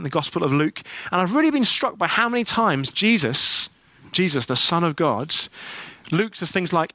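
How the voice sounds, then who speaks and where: A middle-aged man delivers a sermon in an earnest, conversational way, asking his congregation questions as he goes. His voice sits fairly high for a man, and the sound is close and dry. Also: pushed and bright, no room sound. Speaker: preacher.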